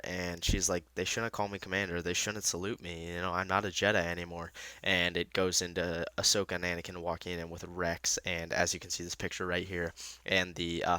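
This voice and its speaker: A man with a low, forceful voice talks through his recap with eager, rambling enthusiasm and keeps restarting his sentences. The recording is dry, with no room sound around him. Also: no echo. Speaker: host. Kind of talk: excited casual fan recap.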